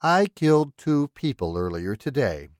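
A man voicing a calm, polite killer in an audiobook, speaking in a precise, mannered and coolly threatening way. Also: mid-range voice, a little slow, no room sound, studio quality, voice pushed up. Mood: menacing. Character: calm, menacing male killer, polite and unhinged.

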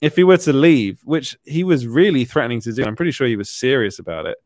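A British man hosting a loose, chatty podcast. He talks at an everyday middle pitch, often breaking into giggles and restarting his sentences. The recording is dry and close. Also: lively intonation, fast talker, a little mellow, no room sound. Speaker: podcast host. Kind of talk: casual chat.

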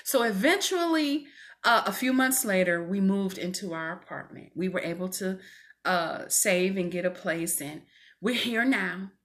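A woman's voice: mid-range voice, animated, a little slow, a bit bright. A woman minister giving a fervent, preacherly faith testimony to women viewers from her home. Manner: fervent, preacherly, calls listeners "y'all".

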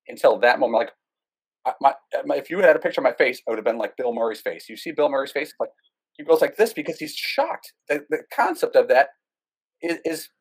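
A man being interviewed, telling a story in a casual, animated way with lots of fillers and self-mocking asides. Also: medium pitch, slightly rough, poor audio. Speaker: guest.

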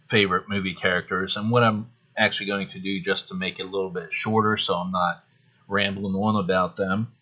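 A man's voice: low voice, sharp tone, lo-fi sound. A man hosting a casual solo podcast, chatty and rambling with a self-deprecating touch. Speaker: podcast host.

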